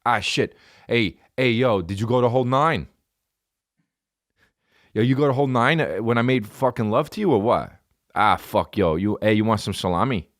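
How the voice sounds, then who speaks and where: A man's voice: medium pitch, moderate pace, long pauses, no room sound, clean studio sound, natural voice. A man putting on a New Jersey accent as a crude, swaggering lover. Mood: crude coaxing. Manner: crude, coaxing bedroom talk.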